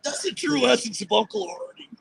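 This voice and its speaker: A man's voice: very high voice, fairly quick, vocal fry, a bit bright, a little hiss or hum, low-quality recording. A man live-streaming outdoors on a headset, joking around and mocking himself as he stages a silly street stunt. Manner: goofy, self-mocking, rambling. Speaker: livestreamer staging a mock audit. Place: outdoors on a city street by concrete.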